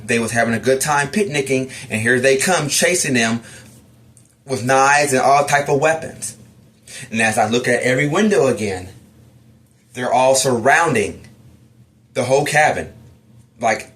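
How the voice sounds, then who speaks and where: A man's voice: mid-range voice, a bit bright. A man telling a personal story of a frightening dream, acting out his own lines as he goes. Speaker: testimony storyteller.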